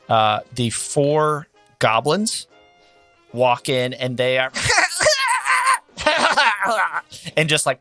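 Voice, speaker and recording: A man narrating as game master in a relaxed, conversational way, with faint music underneath. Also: medium pitch.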